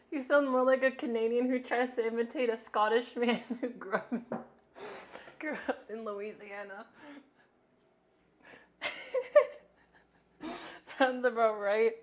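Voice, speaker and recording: Chatty woman streamer, fairly high voice. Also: slow, long pauses. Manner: chatty and offhand, lots of "like" fillers, laughs often. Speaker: live streamer. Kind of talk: casual live-stream chat while cooking.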